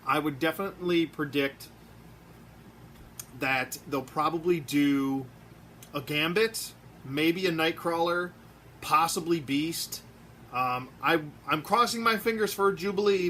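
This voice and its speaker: Man, toy collector vlog, rambling, excitable, slightly high pitch, bright tone, home room. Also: a little hiss or hum. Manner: excitable, rambling, many fillers. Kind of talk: casual rambling review vlog.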